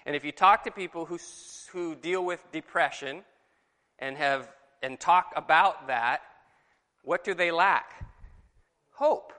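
A man leading a conversational Bible lesson, asking his group questions in a lively, animated way. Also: a little high, slow, big-room sound. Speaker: Bible study leader. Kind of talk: conversational sermon.

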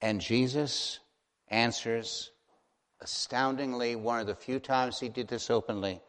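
A man preaching a sermon as a pastor, earnest and gentle, slowing down to stress key phrases. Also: mid-range voice, steady tone. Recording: long hall reverb.

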